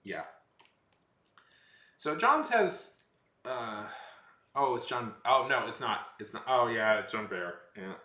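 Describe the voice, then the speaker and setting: A man's voice: fairly low pitch, normal speed, bright, forceful tone. A man chatting casually with his live chat while streaming, rambling with self-corrections and sarcastic asides. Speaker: livestreamer. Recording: roomy echo.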